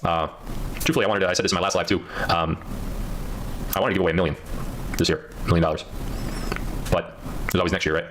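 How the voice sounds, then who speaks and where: A man's voice: sits low, steady tone, fast talker, long pauses, a bit bright, slight background noise. A man livestreaming in casual chat, rambling and reading out viewer comments.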